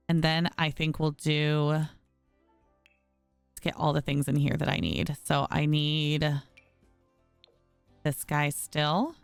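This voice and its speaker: A low, creaky voice, clear and resonant, recorded without echo. The woman is a gaming streamer chatting casually through a home-building game, often frustrated and talking to viewers as y'all.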